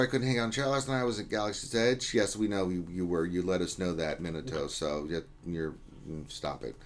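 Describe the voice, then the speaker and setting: A man hosting a casual livestream, reading out chat names and greetings in a loose, joking way. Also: medium pitch. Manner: reads chat names aloud, jokey and loose. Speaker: livestream host.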